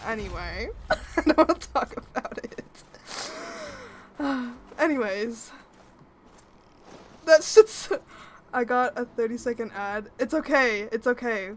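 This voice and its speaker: A woman's voice: a little high, slow pace, pauses often, slight background noise. A young woman streaming a game live, shrieking, pleading and swearing as she plays, with bursts of laughter. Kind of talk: live gameplay commentary. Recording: game music behind the voice. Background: game music and sound effects.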